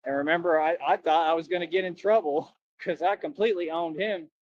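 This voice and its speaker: A man's voice: on the high side, steady tone, fairly quick. A young man, a former bouncer, boasting and ranting in slangy, combative talk on a livestream. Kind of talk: rambling livestream rant. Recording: dull lo-fi dry stream audio.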